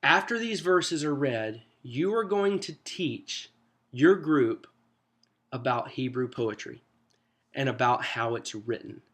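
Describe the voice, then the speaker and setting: A man giving a conversational teacher training lesson, animated and full of rhetorical questions. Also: mid-range voice, slow. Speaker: small group teaching coach. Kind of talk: teacher training talk to camera.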